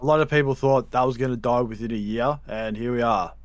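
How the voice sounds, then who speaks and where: A man co-hosting a gaming podcast, heard in a dry, close recording with no room sound. He drops in short joking comments at a medium pitch. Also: a little fast, no room sound. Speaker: podcast co-host. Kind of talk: casual podcast chat.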